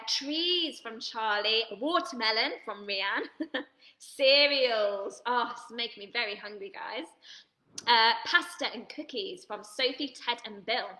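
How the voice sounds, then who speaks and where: A woman's voice: a little high, bright, forceful tone, echoey room. A woman leading an online drama workshop for children, cheerful and reading out viewers' comments, laughing and gasping often.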